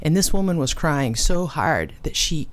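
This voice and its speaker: A woman and ministry cofounder giving an earnest, emotional personal testimony, with dramatic pauses. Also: deep voice, expressive. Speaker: ministry cofounder and conference speaker.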